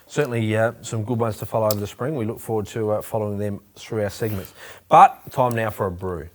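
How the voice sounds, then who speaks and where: An Australian man hosting a racing show, brisk and teasing in casual chat. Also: on the low side, fairly even intonation.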